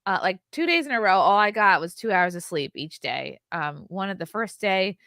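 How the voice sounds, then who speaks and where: A woman in her thirties, a podcast host, telling a story in a casual, animated way, with swearing and laughter. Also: mid-range voice, normal speed, no room sound, studio quality.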